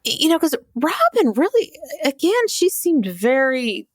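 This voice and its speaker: A woman's voice: sits high, very animated, a little slow, no echo, studio quality. A woman co-hosting a podcast in casual chat, exasperated and sarcastic. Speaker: podcast co-host.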